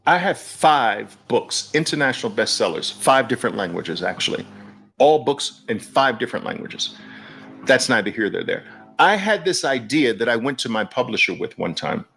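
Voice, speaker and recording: A man's voice: mid-range voice, sing-song, moderate pace, gravelly, fairly bright tone, slight background noise. A man hosting a live online audio room, talking emphatically and mockingly and repeating phrases for effect. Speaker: host.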